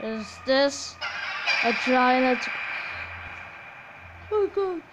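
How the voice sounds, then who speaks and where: A woman giving excitable reaction commentary full of gasping exclamations while watching a video. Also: high-pitched, drawn-out words, background noise. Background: loud music from the watched video.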